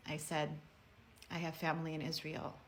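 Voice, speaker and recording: Woman, lowish voice, earnest and measured, heartfelt personal message to camera. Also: monotone. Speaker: personal video speaker.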